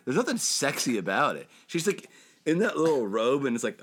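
A young man co-hosting a casual podcast chat, animated and swearing freely as he acts out movie scenes. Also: mid-range voice, brisk. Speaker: podcast co-host.

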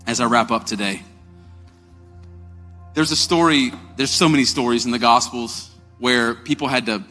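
A pastor preaches conversationally, calling his congregation y'all, and his voice climbs to an excited, emphatic high pitch as he retells stories. The recording carries long hall reverb and faint music.

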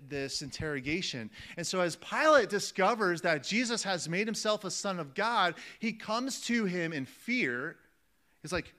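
A man's voice: fairly high pitch, animated, moderate pace, bright, forceful tone. A man preaching a sermon, emphatic and repeating phrases for weight, calling his listeners friends.

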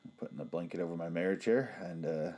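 A man's voice: low voice, fast talker, dark tone. A man giving casual, sarcastic and profane watch-along commentary on a TV show.

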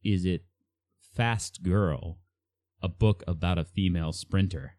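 A man's voice: low voice, takes it slowly, a little mellow, no room sound. A man co-hosting a casual podcast, reading out quiz items with many hesitations. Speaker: podcast co-host running a quiz. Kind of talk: casual chat.

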